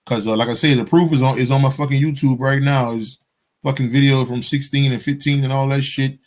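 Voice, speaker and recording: A man's voice: mid-range voice, steady tone, fairly quick. Give me a man rambling through a personal story, casual and full of swearing. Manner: profane, rambling, keeps asking "you understand?". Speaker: spiritual vlogger.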